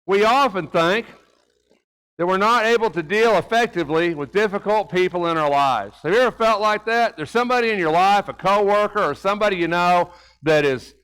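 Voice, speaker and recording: Folksy high-voiced male preacher. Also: fairly quick, fairly bright tone, clear, resonant tone, poor audio. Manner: folksy, rhetorical questions, repeats words while talking. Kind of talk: conversational sermon with personal story. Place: church sanctuary.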